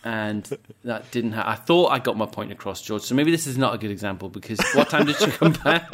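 A man's voice: on the low side, a little fast, fairly bright tone. A man co-hosting a podcast in casual chat, telling stories in a rambling, hesitant way. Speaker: podcast co-host.

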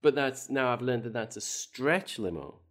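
A man's voice: mid-range voice, animated, moderate pace. A man in casual group chat who asks questions and repeats himself when he is confused.

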